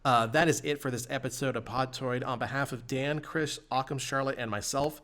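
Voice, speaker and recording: A man's voice: medium pitch, steady tone, a little fast, fairly bright tone. A man hosting a podcast, chatting casually with dry, wry humor and wrapping up the show. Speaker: podcast host. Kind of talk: casual chat.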